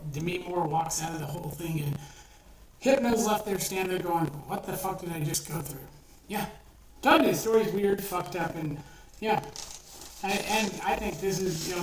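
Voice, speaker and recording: A speaker casually retelling a short story they wrote, rambling and profane, with many fillers and restarts. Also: medium pitch. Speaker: online storyteller. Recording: roomy, distant mic with faint noise.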